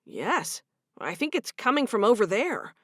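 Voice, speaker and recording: A woman's voice: a little high, big pitch swings, a little slow, fairly bright tone, no room sound, clean studio sound, exaggerated voice. A woman voicing a good-natured young Amish husband, in her own voice. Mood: warm.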